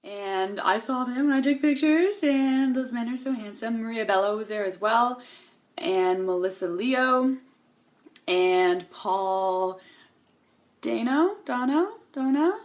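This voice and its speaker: A woman's voice: mid-range voice, slow. A young woman vlogging to camera in a bubbly, gushing, chatty way, tired and coming down with a cold. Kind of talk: casual chat to camera.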